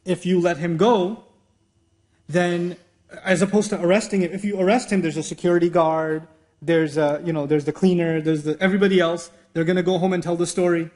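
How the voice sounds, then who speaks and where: A male teacher gives an animated religious lecture. He keeps asking rhetorical questions and acts out little exchanges. His voice sits notably high for a man. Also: a little fast. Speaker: Islamic teacher. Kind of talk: lecture sermon.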